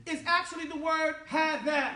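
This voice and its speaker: High-voiced playful man teaching a class. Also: steady tone, fairly quick, bright, forceful tone. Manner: playful, joking, switching between English and Arabic. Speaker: Arabic teacher. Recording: echoey room, voice from a distance.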